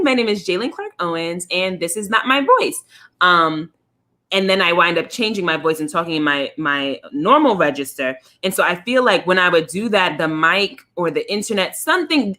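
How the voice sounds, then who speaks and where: A woman chats as a podcast co-host over a video call from home. Her voice sits somewhat low yet rings bright and forward. She tells stories in a lively way and chuckles as she goes. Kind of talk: casual chat.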